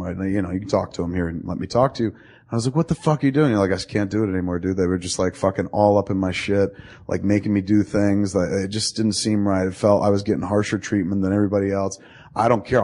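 Low-voiced man telling a rambling story. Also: a little mellow. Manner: rambling, profane, acts out quoted dialogue. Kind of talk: casual conversation, storytelling.

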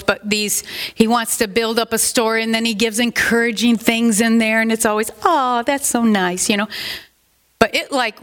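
A woman's voice: fairly high pitch, fairly bright tone. A middle-aged woman pastor giving a sermon in a conversational, rambling way, with asides that rise into emphatic questions.

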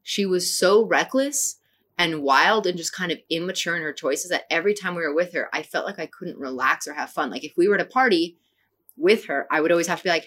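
A woman's voice: on the low side, animated, fast talker, a bit bright. A woman co-hosting a podcast, frankly telling a personal story in casual chat, acting out quoted lines. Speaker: podcast co-host.

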